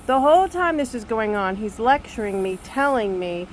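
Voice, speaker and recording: An older woman telling a story to camera on her screened back porch, animated, exasperated and poking fun at herself. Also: fairly high pitch, normal speed, slight background noise, rough recording. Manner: animated, exasperated, self-mocking. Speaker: vlogger.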